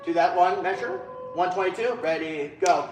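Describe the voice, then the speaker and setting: A man's voice: sits high, animated, normal speed, lo-fi sound. Man leading a choir rehearsal. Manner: counts in and sings phrases to demonstrate. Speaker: choir director. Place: large echoey rehearsal hall. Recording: roomy hall with choir and piano behind. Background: choir singing and instruments.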